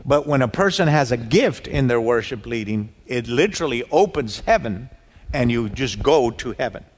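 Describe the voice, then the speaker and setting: A man preaching a sermon, telling stories with lively quoted dialogue. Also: mid-range voice, normal speed. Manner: animated storytelling, quoting people in dialogue. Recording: reverberant hall.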